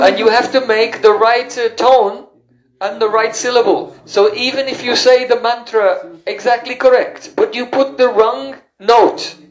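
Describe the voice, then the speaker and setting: A man with a fairly high voice gives a spiritual lecture, explaining terms carefully and pausing on "uh" and "um" as he searches for words. His voice rings in an echoey room. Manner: explanatory, with fillers and self-corrections. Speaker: teacher of scripture.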